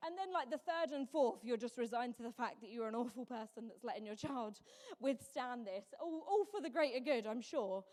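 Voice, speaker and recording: A woman with a high, bright voice preaches in a church hall, her words trailing off in a long reverb. She tells stories in a lively, animated way and acts out the other people's voices. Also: fairly quick. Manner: animated storytelling with mimicked voices and laughs. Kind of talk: Mother's Day sermon.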